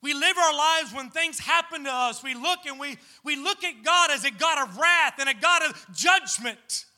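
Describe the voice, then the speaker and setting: A man preaching a sermon as pastor, fervent and rising at times to shouts. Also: extremely high pitch, animated, moderate pace.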